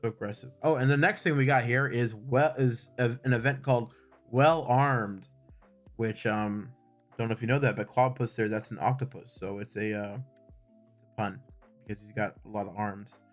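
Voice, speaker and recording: A man's voice: medium pitch, normal speed, faint music behind. Upbeat man co-hosting a casual chat. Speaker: co-host. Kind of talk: casual game news chat.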